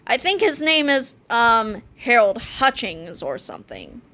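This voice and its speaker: A woman's voice: a little high, very animated, a little slow, sharp tone, exaggerated voice. A woman voicing a distracted young man of twenty-three who is glued to his phone. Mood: offhand. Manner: offhand, then screaming.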